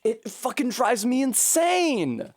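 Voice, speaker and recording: A woman game streamer chatting to her viewers in loose, profane, rambling commentary. Her pitch swings widely, jumping into high yelps and shrieks when she fails. The sound is dry and close, with no room around it. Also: very animated, slow, darkish tone, no room sound. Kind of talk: casual live-stream commentary while gaming.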